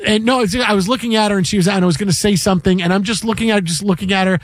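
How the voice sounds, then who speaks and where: High-voiced animated sports radio man. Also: racing, no echo, clean studio sound. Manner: animated storyteller, acts out quotes. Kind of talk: casual sports talk.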